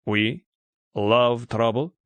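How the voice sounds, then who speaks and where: A male audiobook reader voicing a proud, gruff Greek man with a deep voice. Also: fairly bright tone, no room sound, dull audio. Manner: measured, contemptuous. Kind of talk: audiobook character voice.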